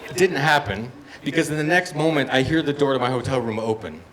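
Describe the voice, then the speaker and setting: A man in his fifties performing a stand-up comedy set, telling stories and acting out other voices with loud punchlines. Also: mid-range voice, quick pace, a crowd in the background. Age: 50s. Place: comedy bar stage with live audience. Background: audience laughter and room noise.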